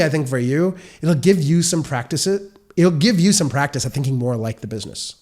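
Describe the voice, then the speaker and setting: Man, software consultant, podcast advice monologue, earnest, explanatory, mid-pitched voice. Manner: earnest, explanatory, asks many questions.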